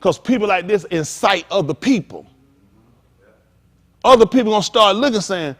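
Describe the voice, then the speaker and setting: Animated high-voiced preacher in a hall. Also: male voice. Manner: lively preaching with call-outs to listeners, acted asides and drawn-out lines. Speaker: pastor. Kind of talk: sermon.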